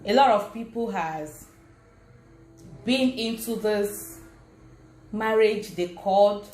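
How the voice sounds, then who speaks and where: A woman's voice: mid-range voice, slow pace, darkish tone, soft background music. A woman with a Nigerian accent giving an earnest, repetitive motivational talk straight to her viewers. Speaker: vlogger. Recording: roomy echo.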